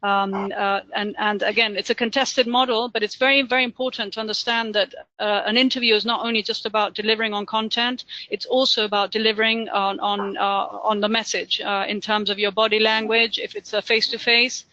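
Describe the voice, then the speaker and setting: A man giving a career training webinar, talking fast with lots of ums and uhs. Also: high-pitched, little pitch movement, pushed and bright, no room sound, highs cut off. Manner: talks fast with many fillers. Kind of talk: webinar presentation.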